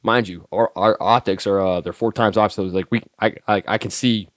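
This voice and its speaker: Fast-talking deep-voiced man, profane storyteller. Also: no room sound, studio quality. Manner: profane, animated storyteller acting out dialogue. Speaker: podcast guest, army staff sergeant. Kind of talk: casual storytelling.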